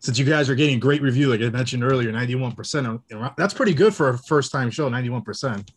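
A man hosting an interview, asking questions in a halting way with many fillers. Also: mid-range voice, slightly rough. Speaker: podcast host.

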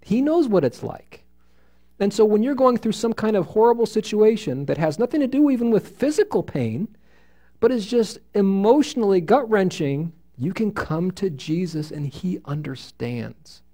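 A man teaching a Bible study to a live group, reading scripture aloud and explaining it in an animated way while asking his listeners questions. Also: high voice, normal speed. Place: room with a small group listening.

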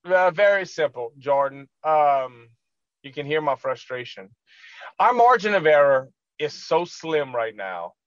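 A man's voice: fairly high pitch, dry recording, lo-fi sound. A man co-hosting a sports radio show, earnestly recapping a football loss with frustration and lots of fillers.

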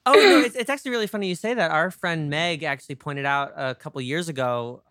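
A man with a New York accent hosts a relaxed podcast interview. His voice is smooth and resonant, with a dry close sound. He talks loosely, full of fillers and easy laughs. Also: fairly high pitch, fast, no echo. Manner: chatty, laughs often, many fillers. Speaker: podcast host. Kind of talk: casual interview chat.

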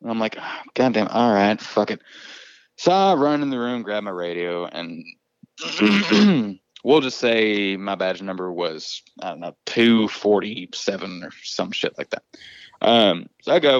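Male storyteller, crude and animated, dull dry sound. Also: lowish voice, unhurried, dry recording. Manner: profane, drawling, laughs often. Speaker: volunteer firefighter telling a story. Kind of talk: casual storytelling.

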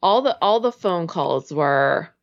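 A young woman co-hosting a casual movie podcast, giggly and animated as she retells scenes. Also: lowish voice, slow, highs cut off. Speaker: podcast co-host.

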